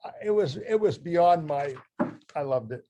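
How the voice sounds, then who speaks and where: Older man from Ohio, halting heartfelt talk. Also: fairly high pitch, expressive, dark tone, lo-fi sound. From Ohio, USA. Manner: halting and heartfelt, often restarting phrases. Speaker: guest speaker. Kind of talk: talk reading from his memoir.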